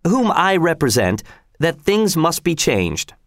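A man's voice: on the high side, big pitch swings, slow, fairly bright tone, no echo, studio quality, pitched above the performer's own voice, full character voice. A man doing a strained, pleading peasant leader. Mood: pleading, defiant. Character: nervous, pleading male Swiss peasant leader.

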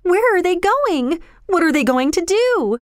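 A woman voicing a frightened, emotional young girl in a storybook reading, high and tearful. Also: very slow, fairly bright tone, dry recording, clean studio sound, heavily acted.

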